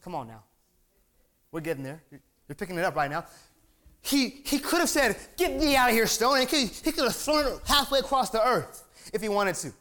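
A man preaching a sermon, emphatic and excitable, often repeating words and asking for amens. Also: sits high, a little fast, long pauses. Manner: repeats words when fired up.

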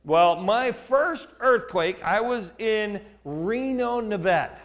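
A middle-aged male pastor telling a story in a sermon, asking the congregation questions and shouting for emphasis. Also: sits high, expressive, takes it slowly. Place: church before a congregation.

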